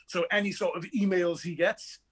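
High-voiced actor, restless and excitable, tells stories acting out every line. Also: male voice, moderate pace, breathy edge. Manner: energetic, restless storyteller who acts out quoted dialogue. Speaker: actor interviewed about his film. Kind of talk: animated anecdotal chat.

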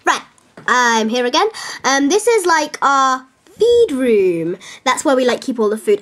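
Young woman goofing around as a ditzy stable owner, high bouncy voice, lots of woo's. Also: sing-song, a little slow, slight background noise. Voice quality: giddy, squealing whoops, valley-girl "like" fillers. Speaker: mock stable owner giving a tour. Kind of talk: silly improvised home-video comedy tour.

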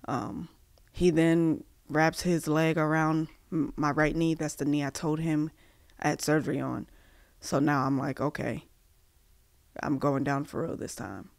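A woman from Massachusetts, a podcast guest, telling a personal story haltingly with many fillers and restarts, acting out the dialogue she quotes. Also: low-pitched, fairly even intonation, gravelly, no echo, studio quality.

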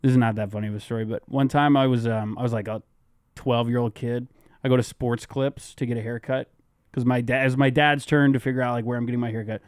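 A young man co-hosting a podcast, self-deprecating and quick to laugh. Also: mid-range voice, steady tone, darkish tone, clear, resonant tone, no room sound, clean studio sound. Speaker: podcast co-host. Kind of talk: casual chat.

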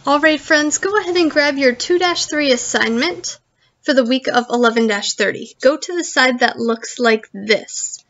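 High-pitched lady teaching kids music online, slow and careful, dull lo-fi sound. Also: fairly bright tone. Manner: slow, clear instructions to young kids. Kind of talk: virtual music lesson for children.

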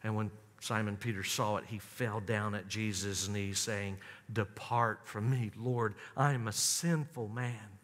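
A man preaching a sermon, telling the story dramatically and swinging from high, loud emphasis down to low, hushed lines. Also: fairly even intonation, unhurried, few pauses. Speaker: pastor. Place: church sanctuary. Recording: long church reverb.

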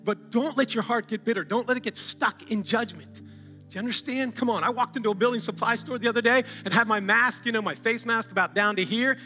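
A man's voice: very high voice, a little fast, bright, forceful tone, long reverb tail, soft background music. A man preaching a sermon as pastor, exhorting the congregation, calling out to them often and laughing between points.

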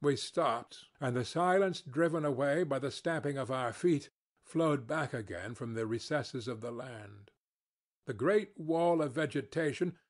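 A man narrating an audiobook in a measured, deliberate storytelling manner. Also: on the high side.

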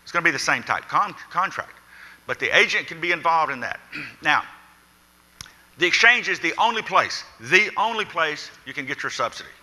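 A man's voice: fairly high pitch, animated, moderate pace, pushed and bright. A middle-aged man giving a live insurance seminar in a large conference hall, folksy, calling the audience folks and asking for a show of hands. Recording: reverberant hall.

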